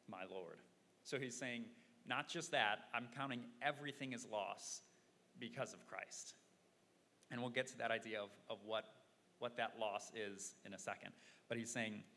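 Earnest preacher guy, lowish voice, stumbles over words, echoey hall. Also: pushed and bright. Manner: earnest, repeats words while thinking. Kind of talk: sermon. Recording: long hall reverb, faint noise.

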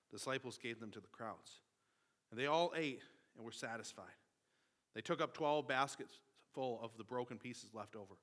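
A man's voice: mid-range voice, sharp tone, clear, resonant tone. A man in his thirties preaching a sermon, reading scripture and then telling a casual personal story with fillers and restarts. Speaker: pastor.

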